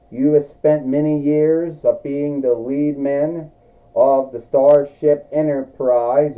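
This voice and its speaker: A man voicing a polite male wrestling backstage interviewer who asks chatty, incredulous questions. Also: fairly high pitch. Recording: dull lo-fi recording.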